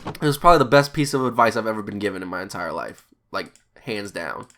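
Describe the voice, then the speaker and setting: A man's voice: on the low side, animated, fast talker, a bit bright, slight background noise. A young man telling a rambling, profane story in casual chat while playing a video game. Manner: rambling, swearing, laughing asides. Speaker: gaming YouTuber.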